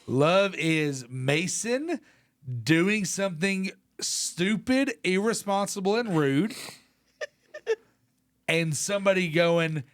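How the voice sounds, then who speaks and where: Man, podcast co-host, mocking banter, animated pitch, slightly high. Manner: teasing and mocking, quick interruptions.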